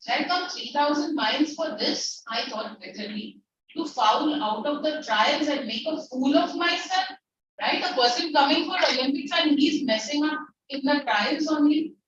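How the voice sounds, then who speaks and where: Indian woman tutor, high voice, echoey. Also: moderate pace. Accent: Indian English. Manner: reads a passage aloud and explains it line by line, mixing in Hindi. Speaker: English tutor. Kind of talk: online class lecture, reading and explaining a text. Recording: distant, echoey, muffled online lecture recording with faint noise.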